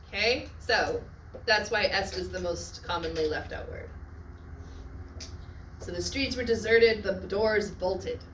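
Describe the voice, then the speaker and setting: A woman teaching a Latin class on literary devices, often checking in with her students and adding quick asides. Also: medium pitch, a bit bright, a little hiss or hum. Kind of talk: classroom lecture. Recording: echoey classroom from far off.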